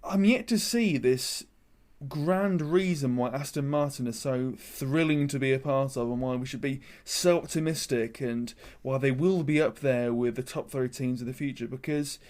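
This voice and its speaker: A man co-hosting a chatty sports podcast, opinionated and animated, reading out news. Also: mid-range voice, moderate pace. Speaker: podcast co-host. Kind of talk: casual chat, reading news.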